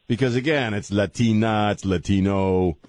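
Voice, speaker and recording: A man's voice: lowish voice, moderate pace, a little mellow, no room sound. Blunt, laughing radio host man. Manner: joking, laughs often, blunt opinions. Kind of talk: casual call-in radio talk. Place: radio studio.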